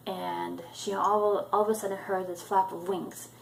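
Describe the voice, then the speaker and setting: A woman's voice: medium pitch, little pitch movement, measured pace, creaky, slight background noise, rough recording. A woman casually retelling a book chapter for her viewers, hesitant and full of ums and uhs. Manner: hesitant, many ums and uhs, loosely strung sentences. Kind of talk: casual spoken book recap.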